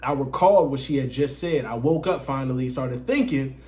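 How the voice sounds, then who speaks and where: A man's voice: mid-range voice, moderate pace, warm tone. A man telling a casual, profane story to his viewers, often addressing them as guys. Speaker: dating coach vlogger.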